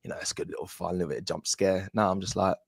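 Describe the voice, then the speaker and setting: A man co-hosting a casual live stream, laid-back and quick, stumbling over restarts. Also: low-pitched, level tone, gravelly, husky, no room sound, studio quality. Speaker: co-host.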